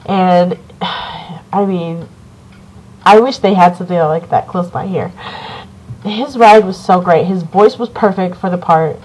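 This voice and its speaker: A woman giving a casual video review of a horror film, rambling and excited, swearing often and full of fillers. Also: lowish voice, a little slow, long pauses, poor audio. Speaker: movie reviewer.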